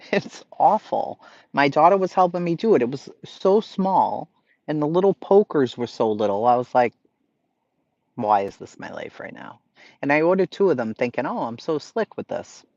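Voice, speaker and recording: A man hosting a casual livestream, chatting to viewers in an excitable way and swearing freely. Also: medium pitch, no room sound, lo-fi sound. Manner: profane, excitable, talks to chat. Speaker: livestream host.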